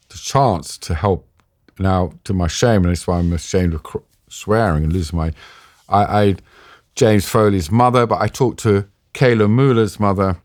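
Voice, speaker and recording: A middle-aged man with a London accent, a podcast guest recounting a story intensely, with halting restarts and voiced quotes. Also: sits low, no echo, clean studio sound. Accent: London English. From England. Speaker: interview guest. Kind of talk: emotional storytelling in a podcast interview.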